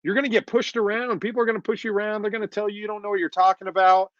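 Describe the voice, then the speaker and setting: A man's high-pitched, slightly bright voice races along in a flat delivery as he co-hosts a podcast casually. He is emphatic, repeats his points and acts out quoted voices, recorded dull, lo-fi and dry with no room sound.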